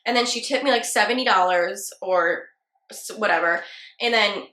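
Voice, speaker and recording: A woman's voice: mid-range voice, moderate pace, sharp tone, roomy sound. A young woman, a hairstylist, telling a casual storytime with many filler words. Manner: chatty, lots of "like" fillers. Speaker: hairstylist and channel host.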